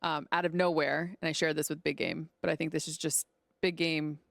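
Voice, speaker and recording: Chatty woman podcast host, low voice. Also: level tone, a little fast, gravelly, no room sound, studio quality. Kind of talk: casual sports chat.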